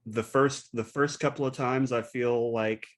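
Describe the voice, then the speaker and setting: A man's voice: mid-range voice, fairly even intonation, unhurried. A man hosting a podcast interview, chatty and agreeable, often affirming his guest and thinking aloud. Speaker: podcast host.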